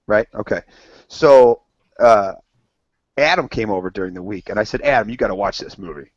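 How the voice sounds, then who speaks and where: His voice sits on the low side and moves at a normal speed as he co-hosts a friendly podcast, wandering through anecdotes, swearing liberally, and playing out people's words. The recording is dry, dull, and lo-fi.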